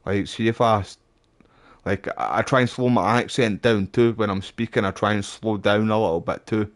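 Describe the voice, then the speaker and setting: A man's voice: lowish voice, fairly even intonation, normal speed. A Scottish man live-streaming a game, chatting casually and rambling as he talks with his viewers. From Scotland. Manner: chatty, rambling, says "wee", "aye" and "mate".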